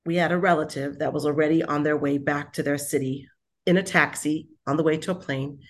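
A woman with a notably deep voice hosts a casual conversation. She tells stories with animated enthusiasm and often responds warmly to her guest's points. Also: a little fast. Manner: enthusiastic, affirming storyteller.

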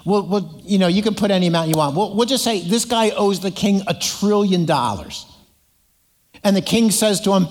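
A man with a fairly high voice delivers a sermon, retelling stories and acting out their characters while drawing the congregation in. His voice rings with a long hall reverb, as if from a church sanctuary. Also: animated, fairly quick. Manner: storytelling with acted voices and audience prompts. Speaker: pastor.

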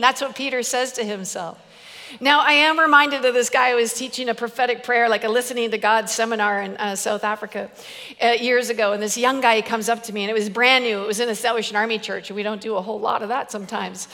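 A woman preacher giving a humorous sermon, animated and playful, laughing often. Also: fairly high pitch, fast talker, big-room sound.

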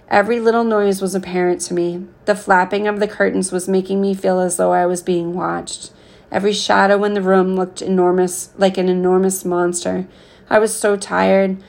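A woman reading a novel aloud in an unhurried, earnest way. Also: mid-range voice, vocal fry. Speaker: reader.

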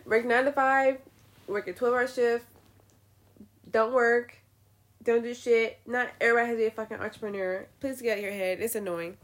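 A woman's voice: a little high, normal speed. A young woman giving blunt, profane opinions in a casual rant to the camera. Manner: blunt, swearing, animated ranting. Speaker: vlogger.

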